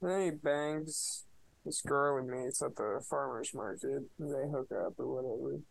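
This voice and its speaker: A man's voice: medium pitch, normal speed, gravelly, poor audio. A man co-hosting a podcast, giving a casual movie review in a sarcastic, profane, mocking way. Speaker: podcast co-host.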